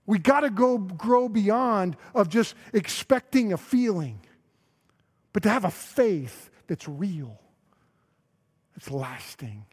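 Guy preaching, husky voice, tells a story, acts out the voices, goes quiet on the big lines. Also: high-pitched. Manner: animated storytelling, acting out dialogue, dropping to a hush on key lines. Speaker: pastor. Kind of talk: sermon with storytelling.

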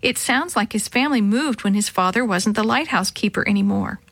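A woman's voice: mid-range voice, brisk, vocal fry, fairly bright tone, no room sound. A woman voicing a sensible, honest young girl in a storybook reading, earnest and level-headed.

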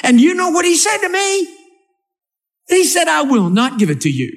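Guy putting on a high petulant whine, sulky king acting like a big baby. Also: wildly swooping pitch, normal speed, full character voice. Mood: indignant whine. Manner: petulant whining. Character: whiny sulking king, grown man acting like a baby.

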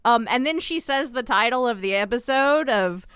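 A woman's voice: fairly high pitch, animated, normal speed, fairly bright tone, clear, resonant tone, no room sound. A woman co-hosting a podcast, recapping a TV episode in casual chat with a sarcastic, rambling manner and many ums. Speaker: podcast co-host.

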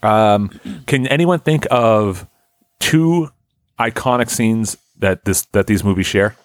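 Man, podcast co-host, lowish voice, dry wry humor, dead room. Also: expressive, takes it slowly, no room sound. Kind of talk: casual chat.

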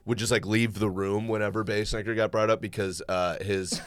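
A man from outside Detroit telling rambling, halting stories in casual podcast chat. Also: on the low side, little pitch movement, clean tone, dry recording. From outside Detroit, USA.

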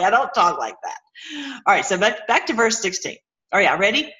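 A woman's voice: medium pitch, wildly swooping pitch, normal speed, sharp tone, rough recording. A woman giving an informal, enthusiastic Bible teaching. She reads scripture aloud and talks chattily and directly to her viewers.

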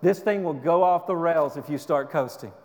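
A man with a notably high voice preaches in earnest, urging tones, often stumbling and restarting mid-phrase. His sermon rings out with a long hall reverb, as if from a church sanctuary. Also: normal speed, a little mellow. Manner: earnest, exhorting, with frequent restarts. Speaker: pastor.

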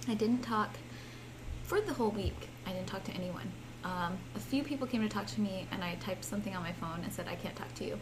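A woman's voice: medium pitch, expressive, brisk, noisy background. A young woman co-hosting a podcast, chatty and teasing, giggling through casual talk. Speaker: podcast co-host. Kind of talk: casual chat.

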